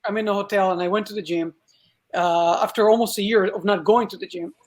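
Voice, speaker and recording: A man's voice: sits high, steady tone, fast talker. A man from Israel with an Israeli accent, a guest magician telling a story in casual podcast talk and acting out the dialogue.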